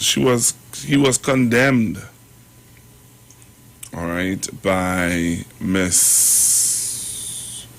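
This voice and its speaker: Trinbago radio host guy, talks slow, lots of ums and restarts. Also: lowish voice, vocal fry. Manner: rambling, halting, full of fillers and restarts. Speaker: radio talk show host. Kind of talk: radio commentary.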